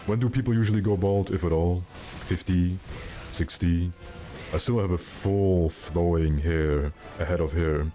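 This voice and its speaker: Male game streamer, deep voice, mellow tone, joking and self-mocking, rambling casual chat, faint music behind. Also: a little slow.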